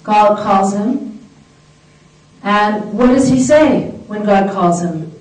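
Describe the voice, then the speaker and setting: A woman giving an animated talk to an audience, asking them questions along the way. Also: medium pitch, slow, pauses often, recorded from a distance. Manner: animated, engaging, asks the audience. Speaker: speaker. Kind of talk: lecture to an audience. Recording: echoey hall from afar.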